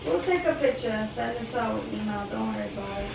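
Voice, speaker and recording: A woman's voice: a little high, lively intonation, fast talker, vocal fry. A young woman at home, talking casually and swearing when she is angry. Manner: indignant, swearing. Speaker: prank target, channel co-host. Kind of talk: casual chat. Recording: roomy, far from the camera, noisy home.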